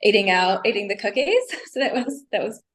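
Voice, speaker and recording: A woman's voice: mid-range voice, lively intonation, fairly quick. Hesitant woman guest searching for words. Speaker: podcast guest, bikini athlete. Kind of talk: casual podcast interview.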